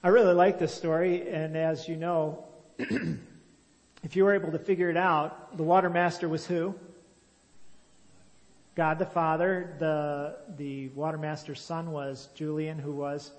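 A slightly high-voiced male narrator delivers a moral story with measured expression and follows it with a teacher's religious explanation. A long reverberation from a large hall surrounds him.

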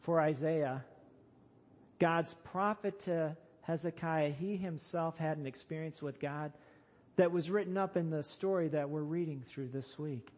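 A man preaching a sermon to his church, slow and emphatic, rising to loud calls on key lines. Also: on the high side. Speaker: pastor.

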